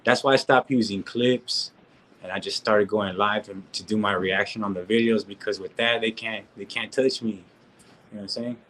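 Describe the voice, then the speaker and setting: A man's voice: lowish voice, fairly even intonation, normal speed, a bit bright, slight background noise, low-quality recording. A man, talking in a casual live-stream rant, slangy and repetitive, peppering his talk with street asides and restarting his sentences. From California. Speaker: reaction streamer.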